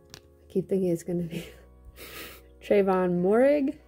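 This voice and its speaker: Sex: woman. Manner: teasing, lowish husky voice. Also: animated, slow, warm tone, soft background music. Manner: teasing, reads card names out. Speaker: co-host, host's wife. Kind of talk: casual pack-opening chat.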